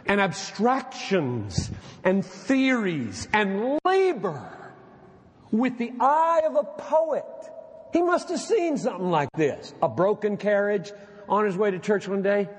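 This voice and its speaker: A man preaching a sermon to fellow preachers, emphatic and animated, dropping low when he reads quotations aloud. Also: slow pace, long reverb tail.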